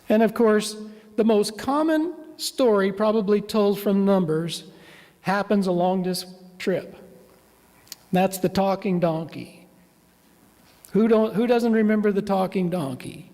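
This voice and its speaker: A man's voice: high-pitched, normal speed, a little mellow. A man preaching a sermon as a minister, retelling a story in a conversational, storytelling way. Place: church. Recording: long church reverb.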